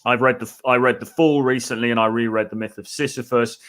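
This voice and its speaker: A man's voice: mid-range voice, fairly even intonation, a little fast, a bit bright. A British man hosting a live Q&A as a dating coach, reading out viewer comments and thinking aloud in a loose, chatty way. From Britain.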